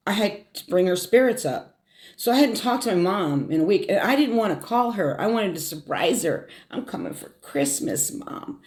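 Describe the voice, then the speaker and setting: A middle-aged woman telling a personal story on her vlog, fighting back tears, halting and repeating words as she speaks. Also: fairly low pitch, a little mellow. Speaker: vlogger. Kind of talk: emotional story time.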